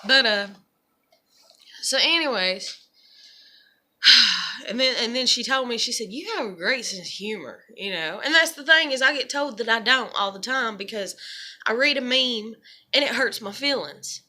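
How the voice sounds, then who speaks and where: A young woman rambles to camera in an animated, unplanned vlog monologue, her speech full of "you know" and restarts. Her voice sits a little high and sounds bright and forceful. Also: unhurried, pauses often. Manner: animated storyteller, filler-heavy, lots of "you know". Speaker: vlogger.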